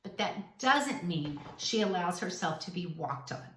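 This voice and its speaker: Blunt bright-voiced woman giving dating advice. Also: on the low side, lively intonation, a little slow, reverberant, far from the mic. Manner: blunt, emphatic, acts out quoted dialogue. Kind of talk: direct-to-camera advice talk.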